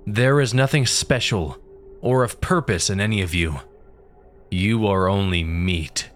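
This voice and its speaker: A man voicing a cruel, skeletal, flesh-eating male demon with a booming, growling voice, speaking slowly and menacingly. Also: faint music behind, lightly acted. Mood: contemptuous.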